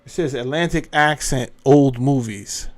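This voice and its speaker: Speaking a little slowly in a medium pitch, this man hosts a laid-back commentary as he browses clips. His talk wanders, and he breaks off his own sentences while thinking aloud and searching for things.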